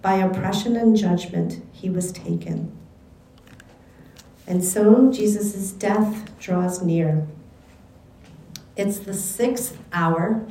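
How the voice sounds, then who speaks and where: A woman giving a slow, earnest devotional Bible reading, with reflective commentary and questions put to the listener. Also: fairly low pitch, dark tone, reverberant, rough recording. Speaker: Bible teacher.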